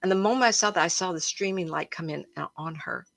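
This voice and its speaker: Chatty emotional woman, low voice. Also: quick pace, creaky, no echo. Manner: emotional, chatty, addresses viewers as everybody. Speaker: psychic medium hosting a live stream. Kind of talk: casual storytelling to a live audience. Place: home, a cat jumping around.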